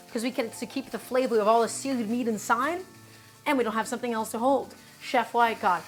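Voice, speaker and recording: A woman hosts a live cooking stream in a slightly high voice, chatty and emphatic as she explains each step. A pan sizzles beside her while faint music plays underneath. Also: a bit bright. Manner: emphatic, chatty, talks to chat.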